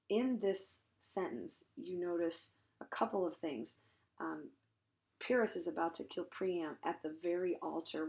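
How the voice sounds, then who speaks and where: A woman with a slightly low voice explains a Latin passage line by line. She thinks aloud, pausing on ums and correcting herself as she goes, with a dry wry edge to her asides. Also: darkish tone. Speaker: Latin teacher. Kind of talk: recorded translation lesson.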